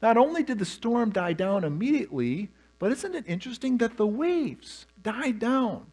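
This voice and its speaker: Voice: medium pitch, sing-song, normal speed, a little mellow. A pastor preaching a sermon, telling the story with humor and animation.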